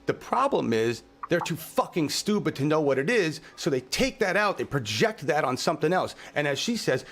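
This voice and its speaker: A man hosting his own channel, delivering an impassioned, profane rant outdoors in his yard, swinging between grief and shouting. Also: a little high, very animated, normal speed. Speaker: channel host.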